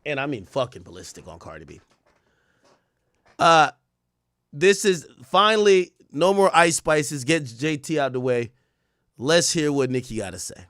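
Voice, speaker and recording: Brief: male stream host, profane and lively, pitch swinging around, dry close mic. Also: a little slow, pauses often, dry recording. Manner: profane, animated reactions. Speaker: livestream host. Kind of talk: late-night stream commentary reading posts.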